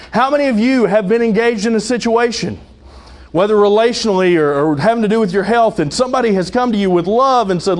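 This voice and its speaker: A man's voice: high voice, fast. A man preaching a sermon as pastor, conversational with humorous asides and dramatic retellings.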